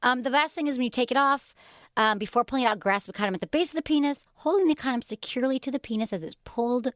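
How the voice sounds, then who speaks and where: Fast-talking frank woman podcast host. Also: high voice, no room sound, studio quality. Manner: frank, breezy, laughs easily. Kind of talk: casual chat on sex advice.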